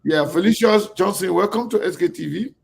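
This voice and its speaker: A man hosting an online talk show in casual chat, halting and repeating himself as he greets viewers. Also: high-pitched, creaky, a little hiss or hum. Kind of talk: casual live-stream chat.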